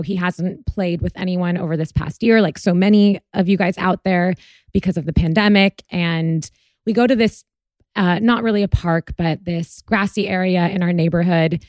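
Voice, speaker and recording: Woman podcast host, lowish pitch, earnest storyteller, dry close recording. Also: fairly even intonation, moderate pace, darkish tone, no room sound. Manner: earnest, storytelling with many fillers. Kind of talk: conversational interview.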